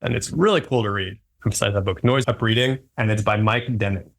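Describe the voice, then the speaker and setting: A man who is a guest on a podcast, talking in a relaxed, casual way with a gravelly voice and pausing to think aloud. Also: fairly low pitch. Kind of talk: casual conversation.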